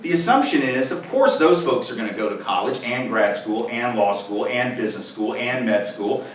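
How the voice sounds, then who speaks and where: A man lecturing an audience in a punchy, rhetorical way and repeatedly checking in with "right?" His voice sits a little high for a man. It echoes heavily around a large hall, picked up from some distance by the mic. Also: fairly bright tone. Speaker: guest speaker. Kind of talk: public lecture.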